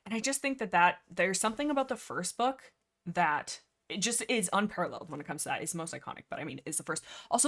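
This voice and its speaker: A woman's voice: mid-range voice, sing-song, fairly quick, a bit bright. A young woman hosting a casual livestream chat, rambling in a giggly, self-deprecating, slightly nervous and breathless way. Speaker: livestream host.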